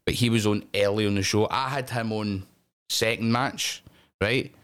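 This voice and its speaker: Scottish guy, deeper voice, tells stories loud and lively, swears a lot. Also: normal speed, clear, resonant tone. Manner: animated, swears freely, acts out voices in anecdotes. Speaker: wrestling promotion owner, podcast guest. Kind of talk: casual storytelling chat.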